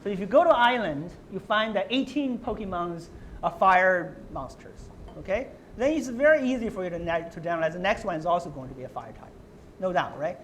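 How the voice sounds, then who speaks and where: A man's voice: high-pitched, expressive, a little fast, fairly bright tone, a little hiss or hum, rough recording. A man giving a university lecture who explains step by step, often checking in with "right?" and restarting his words. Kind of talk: academic lecture.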